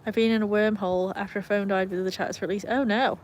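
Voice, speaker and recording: A woman's voice: medium pitch, fairly even intonation, quick pace, darkish tone, highs cut off, slight background noise. A young British woman hosting a casual live stream from her phone outdoors, chatting and reading viewer comments aloud with a self-mocking manner. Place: outdoors in cold weather with her dogs.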